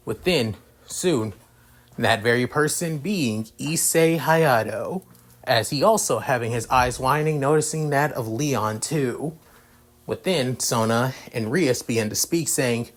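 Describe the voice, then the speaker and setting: A man's voice: medium pitch, measured pace. A man reading his own fan story aloud in a loose, rambling way. He leans on filler words and drops casual curses as he goes. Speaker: narrator.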